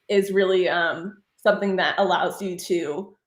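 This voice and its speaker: A woman's voice: lowish voice, steady tone, unhurried, hardly any pauses. A woman speaking as a guest in a casual panel discussion over a video call, enthusiastic and full of "like" and "um". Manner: enthusiastic, filler-heavy with "like" and "um". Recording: roomy echo.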